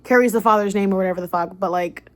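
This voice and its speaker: A young woman ranting about a book straight to camera, her voice sitting at an ordinary middle pitch. She talks casually and excitably, swears freely and strings her thoughts together with plenty of "like" and "um". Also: fast. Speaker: book vlogger.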